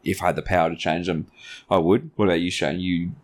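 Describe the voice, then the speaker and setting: A man's voice: sits low, quick pace. An Australian man, an army veteran hosting a podcast, telling stories in casual, swearing chat. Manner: animated storyteller who swears casually.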